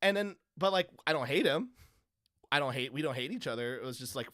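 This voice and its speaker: A man's voice: mid-range voice, animated, fairly quick, pushed and bright, dry recording, studio quality. A man hosting a casual comics talk show, rambling through stories and acting out other people's lines with frequent laughs. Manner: rambling, laughs often, acts out quotes. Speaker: podcast host. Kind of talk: casual chat.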